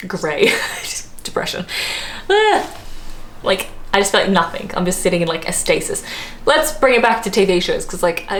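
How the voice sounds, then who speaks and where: A woman's voice: mid-range voice, slight background noise. A young Australian woman vlogging to camera in a casual, self-mocking chat, her accent drifting toward British. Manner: chatty, self-mocking, laughs often, many fillers.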